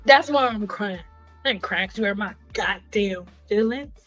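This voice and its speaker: Animated woman hosting a livestream chat. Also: medium pitch, normal speed, highs cut off, soft background music. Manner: animated storyteller, acts out quoted voices; blunt and joking, talks straight to viewers. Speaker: livestream host. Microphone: computer mic on a livestream.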